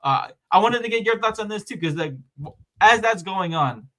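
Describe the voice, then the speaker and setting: A man's voice: sits high, animated, normal speed, a bit bright. Rambling casual male podcast host. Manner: rambling, filler-heavy recap with acted-out quotes.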